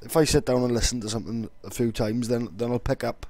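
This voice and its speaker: A young man talks in a loose, rambling way and swears offhandedly. His voice sits at a middling pitch. The sound is close and dry. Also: steady tone, fast, a little mellow, no echo. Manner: rambling, laid-back, swears casually. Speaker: vlogger. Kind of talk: casual vlog talk.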